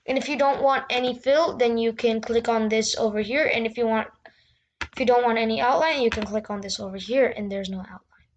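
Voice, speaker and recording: Casual tutorial lady, kinda high voice, rambly and easygoing, bit of hiss in the mic. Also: a little fast, lo-fi sound. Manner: chatty, loose, with restarts and "yeah". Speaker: tutorial host. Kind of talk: casual screen-recorded tutorial.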